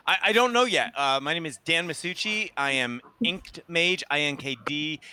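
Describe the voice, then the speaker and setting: A man jokes as he introduces himself on a game stream. His voice is a bit high, bright and crisp. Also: animated, moderate pace. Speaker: player. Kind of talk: casual livestream introduction.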